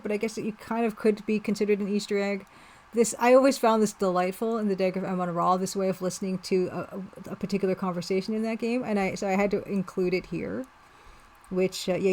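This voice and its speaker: A woman developer with a mid-range, darkish voice plays her own story game, narrating and chatting casually. Her let's-play commentary is rambling and self-deprecating.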